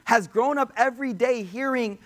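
High-voiced conversational male preacher. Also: moderate pace. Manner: conversational, addresses audience as y'all, quotes Arabic. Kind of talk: sermon storytelling.

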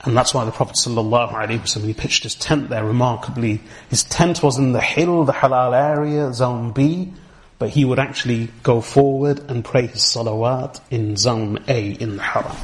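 A man giving a religious lecture, explaining slowly and step by step, repeating key terms and reciting Arabic verses fluently. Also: medium pitch. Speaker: Islamic teacher.

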